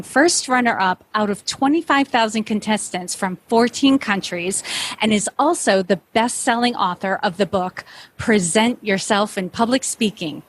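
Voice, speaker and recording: A woman from Massachusetts hosting a podcast, reading a scripted intro and introducing her guest. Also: fairly high pitch. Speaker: podcast host and leadership coach.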